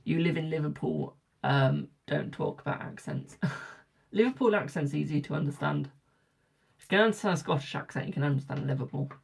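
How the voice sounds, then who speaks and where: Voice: mid-range voice, normal speed, gravelly, pauses often, husky. Young adult, from Britain, tarot reader, live stream, rambling casual chat, repeats phrases for emphasis.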